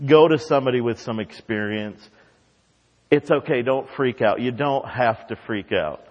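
A man preaching a sermon as pastor, swinging from quiet, low asides to loud, high emphatic lines. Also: normal speed. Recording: dull sound with long hall reverb.

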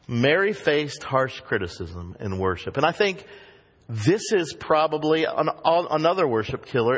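Emphatic preacher in a reverberant hall. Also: male voice, mid-range voice, fairly bright tone. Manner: emphatic, acts out quoted voices. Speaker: pastor. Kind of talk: sermon.

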